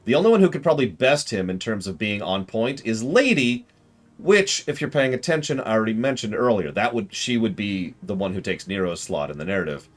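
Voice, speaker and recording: A man's voice: on the low side, lively intonation, a little fast. A man streaming a game, chatting in rambling asides about what he plays. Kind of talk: casual game commentary.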